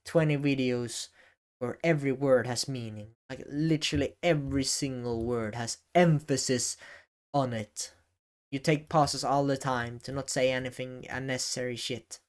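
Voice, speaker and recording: A man talking to the camera in a casual advice vlog, often halting and correcting himself as he goes. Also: mid-range voice, fairly even intonation, smooth. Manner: halting, self-correcting, varies emphasis. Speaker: YouTube creator. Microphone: camera facing speaker.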